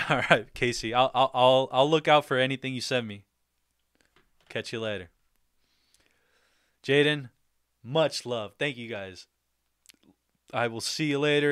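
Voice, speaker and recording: A man's voice: mid-range voice, fairly bright tone, clean tone, no room sound, clean studio sound. A man hosting a casual livestream, talking easily with viewers, laughing often and speaking loosely with fillers and restarts. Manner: laughs often, easygoing and upbeat. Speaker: livestream host.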